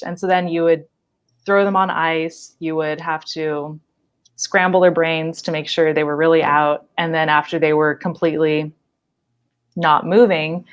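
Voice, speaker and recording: Low-voiced young woman telling a vivid story. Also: measured pace, smooth. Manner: animated storytelling with frequent likes and laughs. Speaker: wildlife biologist guest. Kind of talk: casual podcast chat.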